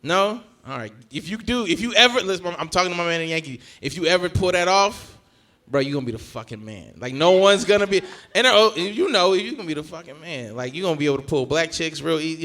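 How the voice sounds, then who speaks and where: This young male stand-up comic has a high voice and races through his bits with animated energy. Bright and forceful, he hurls loud punchlines at the crowd.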